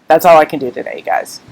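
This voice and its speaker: A woman's voice: deep voice, darkish tone, poor audio. A woman hosting a live craft stream, talking candidly and emotionally to viewers in a rambling, unscripted way while holding back tears. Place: at home.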